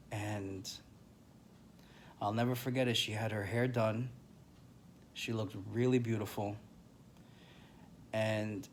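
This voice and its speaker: A grieving man telling a personal story to camera in a halting, emotional way, with many pauses and restarts. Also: mid-range voice, a little hiss or hum.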